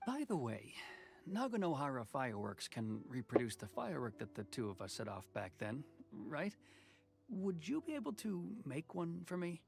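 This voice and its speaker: Restrained, dry-witted official. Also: male voice, fairly high pitch, wildly swooping pitch, creaky, darkish tone, full character voice. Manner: measured and restrained, with a dry wit. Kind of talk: game dialogue.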